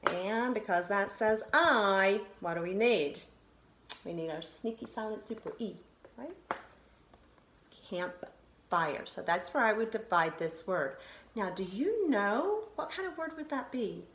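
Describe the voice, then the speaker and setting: A woman's voice: medium pitch, lively intonation, measured pace, a bit bright. A woman teacher giving a video phonics lesson to children, sounding out syllables and spelling words letter by letter. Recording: roomy echo, faint noise.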